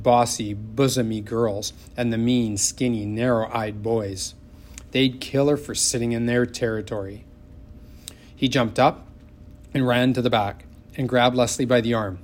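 A man narrating an audiobook in a measured, expressive way. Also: mid-range voice.

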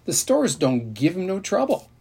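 Guy doing a bratty teen girl, high whiny husky voice, storybook reading. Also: very animated, normal speed, mellow, full character voice. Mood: scheming. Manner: shrill, complaining. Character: loud whiny teenage girl, bossy and vain.

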